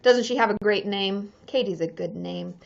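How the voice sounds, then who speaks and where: Her medium-pitched voice is creaky and moves at a moderate pace as this woman therapist chats casually on her livestream. She's candid, talkative, quick to swear and laugh, and the audio is dull and lo-fi.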